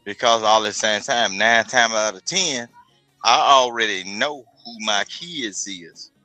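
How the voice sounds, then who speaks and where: A man's voice: fairly low pitch, measured pace, bright, forceful tone, dry recording, faint music behind, rough recording. A man talking in casual chat, telling things in a profane, streetwise way. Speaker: podcast guest.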